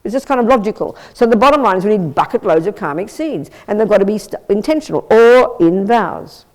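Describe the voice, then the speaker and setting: Woman, Buddhist nun teacher, dharma talk, blunt, lively, chatty, mid-pitched voice. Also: brisk. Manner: blunt, lively, conversational and self-mocking. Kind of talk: dharma talk with audience questions. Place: Buddhist centre teaching room.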